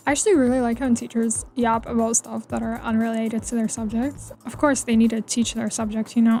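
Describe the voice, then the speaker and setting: Over gameplay with soft music playing faintly behind her, a video game builder vlogger talks in a relaxed, meandering way. Her voice is mellow and a touch high, and her playful chatter is full of "like" and "you know."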